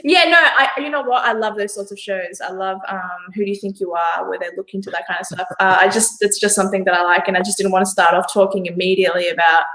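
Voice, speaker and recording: A woman's voice: medium pitch, quick pace, hardly any pauses, a bit bright, low-quality recording. A woman from Australia hosting a casual live stream interview, chatty, with many fillers and frequent laughter.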